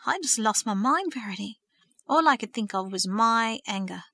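A woman's voice: fairly high pitch, lively intonation, moderate pace, pushed and bright, heavily acted. Woman reading a sobbing remorseful young man. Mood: pleading. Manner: shaky, sobbing pleas.

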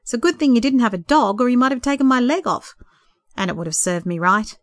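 A woman's voice: fairly high pitch, animated, fast talker, dry recording, clean studio sound, pitched above the performer's own voice, natural voice. A woman reading the part of a courteous young bachelor who talks in an earnest, slightly nervous way. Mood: friendly. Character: young adult bachelor man, courteous, sheepish.

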